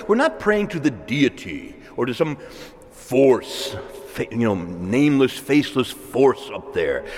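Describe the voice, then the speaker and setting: A male priest giving a sermon in a conversational way, with asides and soft laughs. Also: on the high side. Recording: long reverb of a church hall.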